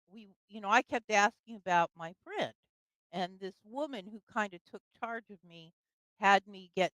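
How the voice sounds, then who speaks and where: Clear-voiced older woman telling a story. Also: medium pitch, fairly bright tone, no echo, rough recording. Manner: conversational, many fillers and laughs. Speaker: guest storyteller. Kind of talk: casual storytelling.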